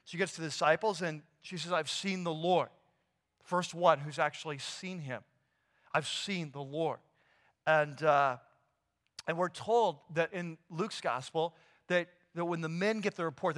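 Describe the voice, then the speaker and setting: A pastor retelling a scripture story in a sermon, animated and casual with slang and fillers. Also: male voice, a little high. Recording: long hall reverb.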